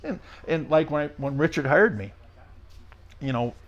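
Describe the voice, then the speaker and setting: A man in his sixties, a retired race car driver as a podcast guest, telling stories in a blunt, rough-spoken, rambling way. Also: a little high, expressive, moderate pace, muffled recording. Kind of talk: casual storytelling interview.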